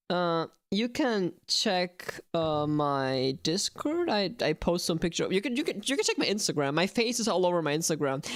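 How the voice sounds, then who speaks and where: Excitable woman streamer. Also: lowish voice, dry recording, clean studio sound. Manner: excitable and playful, repeats words. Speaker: game streamer and artist. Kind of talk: live-stream chat answering viewers.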